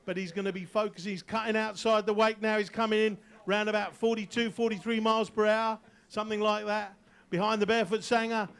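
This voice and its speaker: A man's voice: high voice, flat delivery, fairly quick, a bit bright, smooth. An English man announcing live at an outdoor barefoot water ski event, teasing the crowd between jumps. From England. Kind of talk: live sports commentary over a PA.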